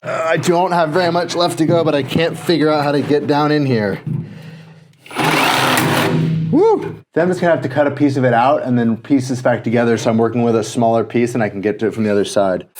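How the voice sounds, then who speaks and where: A man in his thirties hosting a casual project vlog, chatty and excitable as he thinks out loud while working on a boat. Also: mid-range voice, fast talker, hardly any pauses, heavy background noise. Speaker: DIY boat restorer and channel host.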